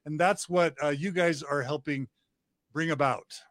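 High-voiced passionate man. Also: a little slow, fairly bright tone, no room sound. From United States. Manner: passionate, emphatic, repeats lists of praise. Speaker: podcast guest. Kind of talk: enthusiastic interview talk.

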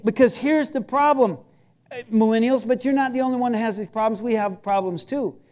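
High-voiced storytelling preacher man. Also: brisk, a little mellow. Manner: storytelling preacher, emphatic and conversational. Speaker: pastor. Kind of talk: sermon.

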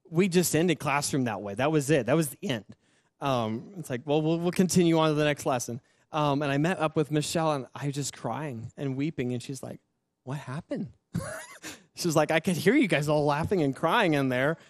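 A young adult man, a pastor, sharing his personal testimony in an earnest, emotional storytelling manner with soft laughs. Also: mid-range voice, no echo, studio quality.

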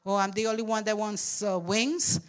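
A woman's voice: level tone, normal speed. An older woman pastor preaching a sermon with emphatic call-and-response to the congregation, sometimes acting out babbling toddlers. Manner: acts out babbling toddlers in a squeaky voice.

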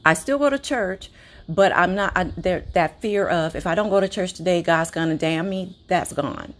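A woman with a somewhat low voice hosts her own podcast as a casual solo monologue. She talks candidly, often restarting sentences and filling pauses as she works through her thoughts. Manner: candid, conversational, with frequent restarts and fillers. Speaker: podcast host.

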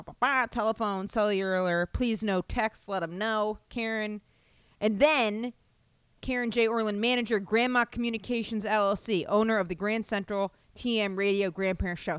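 A woman, a comedian and podcast host, telling a story in a casual, profane, animated and rambling way on a home podcast mic. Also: medium pitch, smooth, no echo.

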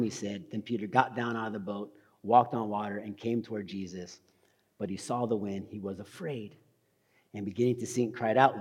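A man preaching a casual, animated sermon, talking fast and tossing in slang. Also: medium pitch, in a large hall. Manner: talks fast. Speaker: pastor. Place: church hall.

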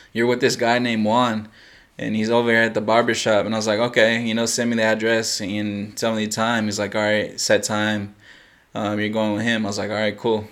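Laid-back, low-voiced guy telling a story. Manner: animated storyteller, swears freely, acts out quotes, laughs often. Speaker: podcast co-host. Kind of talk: casual chat, storytelling.

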